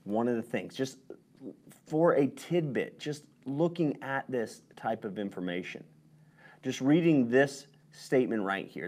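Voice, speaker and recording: A man's voice: mid-range voice, lively intonation, a little slow, a little mellow. A man hosting a health vlog who reads from studies and talks emphatically, getting worked up as he goes. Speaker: host.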